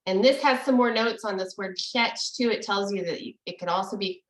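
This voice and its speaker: A woman's voice: medium pitch, a little fast, echoey room, low-quality recording. A woman teaching a casual online language lesson, explaining in a chatty way and laughing easily, over a video call. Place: room with echo, video call.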